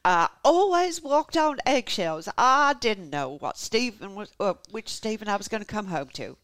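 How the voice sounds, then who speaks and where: A woman's voice: sing-song, a bit bright, dry recording. Woman putting on a drawling Southern American wife. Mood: pleading. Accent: attempted American Southern accent. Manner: drawling, slowed, pitched up. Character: American wife and nurse accused of poisoning, defensive.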